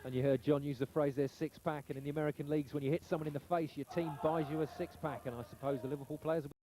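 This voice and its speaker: A man calling live play-by-play sports commentary in brisk, excited calls. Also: on the high side. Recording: old TV broadcast with audible noise.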